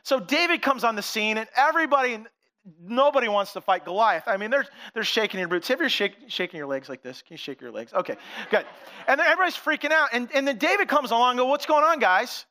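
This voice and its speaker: A man telling a Bible story to children in an animated, playful way, talking directly to the kids. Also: very high-pitched, fast. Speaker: children's pastor. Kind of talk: sermon for children.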